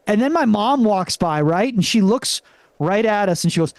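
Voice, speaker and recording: During a live stand-up set, a young comedian from Venezuela engages the crowd in an animated, fairly high male voice, stumbling haltingly over fillers and restarts. Heard through a stage mic, the sound is dry, close, and free of room sound.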